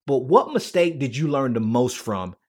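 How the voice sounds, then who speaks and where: A man hosting an interview, asking questions and backing up his guest with soft affirmations. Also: medium pitch, big pitch swings, normal speed. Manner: affirming interviewer, frequent soft "mm-hmm" and "wow". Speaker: host.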